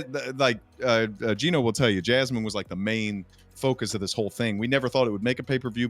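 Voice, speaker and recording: A man's voice: on the low side, a bit bright. A man talking casually and enthusiastically on a podcast, rambling through his thoughts. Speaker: podcast guest. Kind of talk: casual chat.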